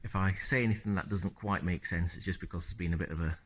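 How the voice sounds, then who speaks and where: A man talking casually through his car-repair video diary on a handheld phone camera, relaxed and rambling with lots of fillers. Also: low voice, fast talker. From Scotland.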